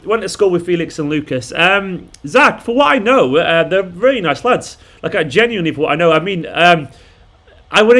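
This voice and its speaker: A fan channel host from Manchester rambles in a relaxed way while hosting a live watchalong and replying to viewer messages. His voice is on the high side and a bit bright.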